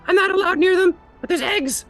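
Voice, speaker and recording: Squeaky terrified kobold. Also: fairly quick, a bit bright, faint music behind. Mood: nervous. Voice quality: high squeaky pleading, stammering. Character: terrified small male kobold, groveling and begging.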